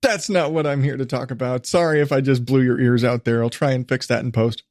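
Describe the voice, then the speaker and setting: A man's voice: mid-range voice, fairly even intonation, a little fast, darkish tone, no room sound, studio quality. A man in his thirties hosting a solo podcast, rambling in a hyper, laughing way with lots of restarts. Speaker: podcast host.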